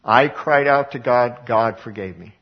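A man's voice: medium pitch, unhurried, highs cut off, close to an everyday voice. A preacher voicing an earnest, devout aging king who questions and admonishes.

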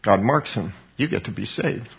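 A man's voice: fairly low pitch, animated, normal speed, vocal fry. A man giving an informal sermon as a Bible teacher, talking conversationally, chuckling often and acting out scripture quotes dramatically. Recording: dull lo-fi recording.

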